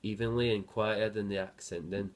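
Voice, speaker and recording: A man's voice: lowish voice, steady tone, brisk. A man giving a guitar lesson, patiently explaining and counting beats aloud as he plays. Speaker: guitar teacher. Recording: loud guitar playing over the voice.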